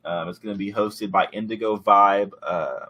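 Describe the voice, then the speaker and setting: A man hosting a podcast in casual chat, rambling and relaxed with many fillers and restarts. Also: lowish voice, normal speed. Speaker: podcast host.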